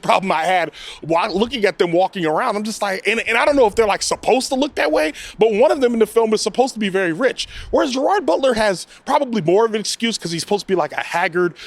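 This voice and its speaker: A man giving a casual spoken movie review, animated and rambling, often breaking into mock quotes. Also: sits high, no room sound. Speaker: film reviewer.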